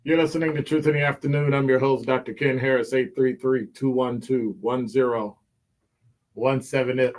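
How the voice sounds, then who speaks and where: A man hosting a call-in talk radio show, delivering a lively monologue with teasing, joking asides. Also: mid-range voice, moderate pace.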